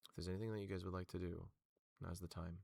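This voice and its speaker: Man game master, loose narration, lots of fillers, low voice, dry close sound. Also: flat delivery, fast, vocal fry, warm tone, no room sound.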